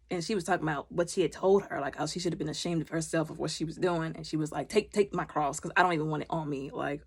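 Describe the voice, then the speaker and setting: A woman's voice: sits low, slightly rough. A woman chatting casually as she recaps a TV episode, acting out the characters' lines as she retells the scenes. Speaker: TV show reviewer.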